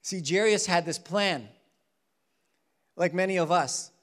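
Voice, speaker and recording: A man preaching a Bible-teaching sermon in an animated way, often acting out the people he quotes. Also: sits high, unhurried. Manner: animated, acts out quoted voices.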